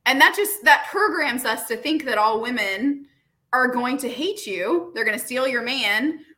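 A woman's voice: a little high, unhurried. A woman talking earnestly in a casual conversation, with lots of "like" and "you know". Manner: earnest, animated, many fillers.

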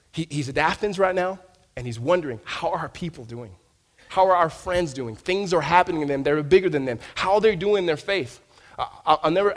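Animated man preaching a sermon. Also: high-pitched. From United States. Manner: animated storytelling with frequent stammered restarts. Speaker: pastor. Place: church sanctuary.

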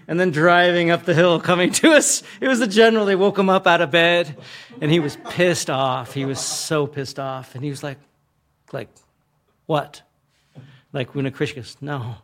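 Young American man, casual storyteller, swears easily, voice pitched a little high. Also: a bit bright. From United States. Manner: laughs often while telling the story, swears casually. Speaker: guest telling travel stories.

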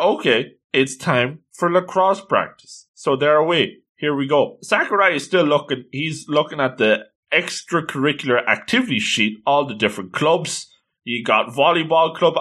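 A man reading a comic aloud in casual commentary, chatty and quick to exclaim at what happens. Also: medium pitch, sharp tone. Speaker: manga reader. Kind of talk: casual read-along commentary.

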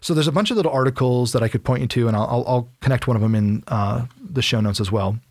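A man's voice: medium pitch, fast talker, dry recording. A man co-hosting a podcast, explaining Bible passages in casual chat and acting out the quotes as he goes. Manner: animated storytelling, acts out quotes. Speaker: podcast co-host.

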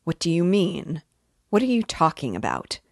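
A man's voice: on the high side, huge pitch swings, moderate pace, vocal fry, no echo, clean studio sound, full character voice. A woman reading aloud as a pompous man who stammers, squeals and answers impudently when accused. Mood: defensive, sneering. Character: pompous, cornered middle-aged man, sneering.

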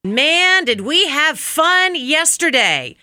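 Lively chatty woman radio co-host. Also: sits high, slow. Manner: chatty, animated storytelling. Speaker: radio morning show co-host. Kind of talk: casual radio banter. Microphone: studio microphone.

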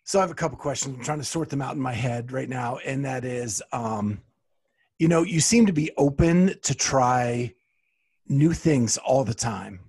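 A man hosting a podcast interview, easygoing and a bit halting as he sorts out his questions. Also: mid-range voice, a little mellow, husky. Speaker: podcast host.

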